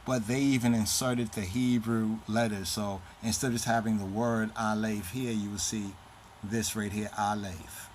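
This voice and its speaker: A man's voice: lowish voice, fairly even intonation, slight background noise. A man giving a lesson on an alphabet, reciting syllables one by one and often checking in with "right?". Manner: deliberate, repeats letters and sounds aloud, says "right?" often. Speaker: teacher of the Ge'ez script.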